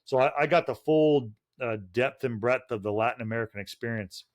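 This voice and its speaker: A man's voice: medium pitch, brisk. A middle-aged man, a retired Special Forces officer and podcast guest, telling rambling, profane anecdotes with frequent restarts. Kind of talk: casual podcast storytelling.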